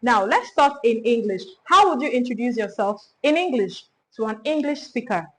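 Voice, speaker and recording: A woman teaching a beginner French lesson, speaking slowly and repeating each phrase for learners. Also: fairly high pitch, animated, a little hiss or hum, rough recording.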